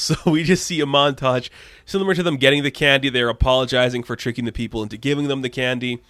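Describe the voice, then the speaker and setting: A man's voice: medium pitch, fairly bright tone, clean tone, no room sound. Chatty man recapping a comic. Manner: chatty, lots of fillers and quoted voices. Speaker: comic book reviewer. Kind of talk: casual recap and review.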